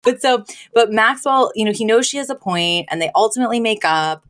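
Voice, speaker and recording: A woman's voice: fairly high pitch, brisk, over music. A woman co-hosting a podcast, recapping a sitcom episode in chatty, giggly conversation. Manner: chatty and giggly, acts out quoted lines. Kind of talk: casual chat.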